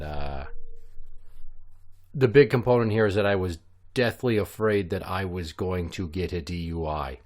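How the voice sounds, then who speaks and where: A man with a fairly low voice tells a story on his podcast, cursing freely. He talks casually and with lots of animation. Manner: profane, animated. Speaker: podcast host.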